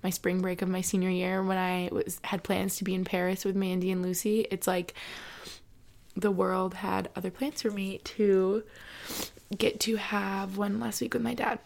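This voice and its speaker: A young woman in her twenties speaks to her viewers in a loose, rambling way, with plenty of "like" and hushed asides. Her voice has a gravelly, creaky edge, and she sounds close to crying throughout. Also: mid-range voice, little pitch movement, moderate pace. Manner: tearful, heavy use of "like", soft breathy asides. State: near tears. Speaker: college student vlogger. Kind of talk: emotional personal storytelling.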